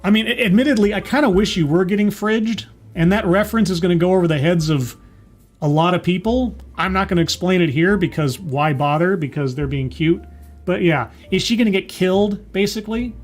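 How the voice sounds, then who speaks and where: A man's voice: high voice, a little fast, faint music behind. A man giving a casual, sarcastic recap and review of a TV episode. He mocks the writing and sighs at the plot. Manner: sarcastic, mocking, sighing. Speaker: TV show reviewer.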